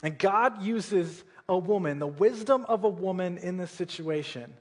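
A man's voice: high-pitched, unhurried. A man preaching a sermon, retelling a Bible story in a casual way and often checking in with "right?" and "okay?".

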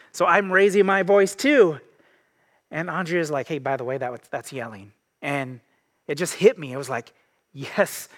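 A man's voice: a little high, fairly bright tone. A pastor in his thirties giving a conversational sermon, earnest and personal, often restarting his sentences.

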